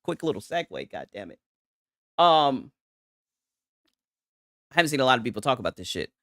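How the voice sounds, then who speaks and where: Animated, mocking young man. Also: medium pitch, moderate pace, no echo, studio quality. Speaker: gaming commentary host. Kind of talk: reaction commentary.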